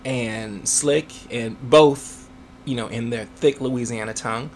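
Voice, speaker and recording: A man's voice: mid-range voice, slow, slight background noise. A man, an author, answering interview questions in a chatty way, laughing often and using many fillers.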